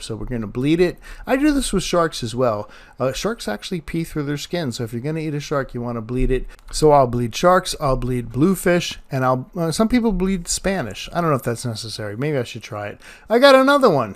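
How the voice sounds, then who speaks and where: A man narrating his fishing vlog outdoors on a beach, chatty and laughing often as he talks to viewers. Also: medium pitch. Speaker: fishing vlogger.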